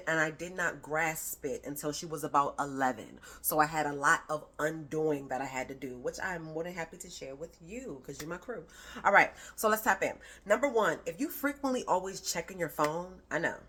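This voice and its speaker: A woman's voice: low-pitched, fairly bright tone. A woman parenting coach giving a casual, conversational talk to camera, emphatic and slangy, with playful rhyming asides.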